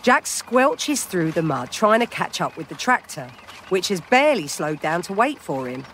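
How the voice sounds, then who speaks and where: A narrator telling a children's audio story with an expressive delivery and chatty asides to the listener. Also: mid-range voice, moderate pace, background noise.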